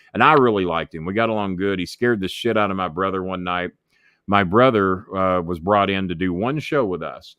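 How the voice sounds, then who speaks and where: Gravelly-toned man spinning crude stories. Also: deep voice, a bit bright, no echo. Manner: swears freely, acts out others' voices, laughs mid-story. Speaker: wrestling manager and commentator guest. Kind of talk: profane storytelling in an interview.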